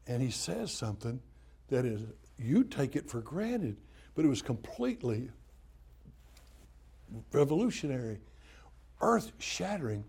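A man's voice: mid-range voice, sing-song, unhurried, vocal fry, pauses often, a little mellow, breathy edge. An older man from Tennessee with a Southern accent, preaching a sermon in a folksy, humorous storytelling way.

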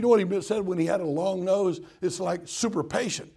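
A man's voice: high-pitched, fast, vocal fry, few pauses, dark tone, husky. An older man from Tennessee with a Southern accent, preaching a sermon in a folksy, humorous storytelling way.

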